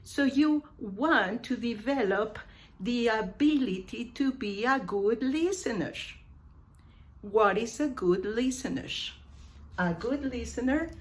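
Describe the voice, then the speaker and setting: A woman's voice: on the high side, lively intonation, slow. A woman English teacher giving a lesson, saying each phrase carefully and repeating it for her learners.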